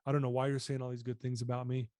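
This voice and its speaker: An earnest man recounts his personal story as a podcast guest. His tone is mellow and dark, and he often sinks to a quieter register. The sound is dry and close. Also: mid-range voice, level tone, very fast, dry recording. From United States. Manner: earnest, reflective, often drops voice.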